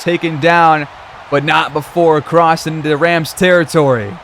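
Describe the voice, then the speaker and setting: Guy doing play by play on his football game, gets loud on big plays, kinda high voice. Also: normal speed, slight background noise. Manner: excitable, reacts loudly to plays. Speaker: gaming commentator.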